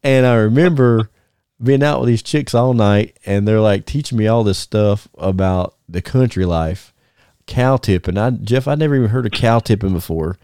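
A man's voice: lowish voice, normal speed, smooth, dry recording, clean studio sound. A man, a former wrestler telling stories on a casual podcast, laughing often and restarting his sentences. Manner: animated, laughing storyteller with many restarts. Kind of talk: casual storytelling chat.

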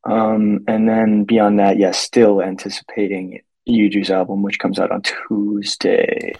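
A man calling in to a casual podcast, pausing and hesitating often as he talks. His voice is low and husky, and the recording is dry and close. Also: completely flat delivery, a little mellow, dry recording, rough recording. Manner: hesitant, many fillers. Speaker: guest caller.

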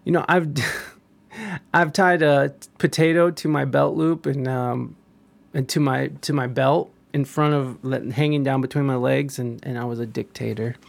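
A man's voice: medium pitch, fairly even intonation, a little slow, vocal fry. A young man giving rambling, crude and profane casual commentary as a vlogger.

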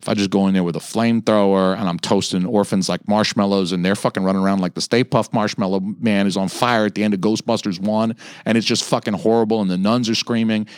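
This podcast host, a man in his thirties, sounds studio-clean with no room sound at all. His rant is loose and full of profanity, and he keeps imitating what others said in a higher, mocking voice.

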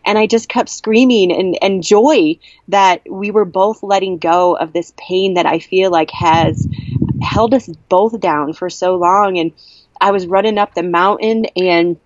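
A woman's voice: mid-range voice, a little slow, no room sound, highs cut off. A woman around forty at a camp, telling a personal story in an earnest, heartfelt way that halts and restarts often. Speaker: interviewee sharing a personal story.

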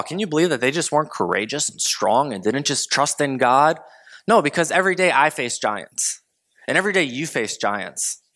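A man's voice: medium pitch, pushed and bright. A man preaching a casual sermon, talking conversationally and acting out quoted people with big swings in voice. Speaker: pastor.

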